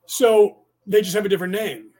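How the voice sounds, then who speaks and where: A man's voice: high-pitched, fairly even intonation, a little fast, dark tone. A man hosting a livestreamed class, explaining in a rambling way, repeating himself and spelling out words letter by letter. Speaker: podcast host teaching a class. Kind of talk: casual livestream lecture.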